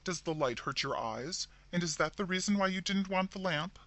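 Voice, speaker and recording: A man's voice: sits high, lively intonation, normal speed, pushed and bright, voice pushed up, full character voice. A man voicing a placid, fussy middle-aged woman who becomes horror-struck and shrieks. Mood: impatient. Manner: fussy, then shrieking in alarm.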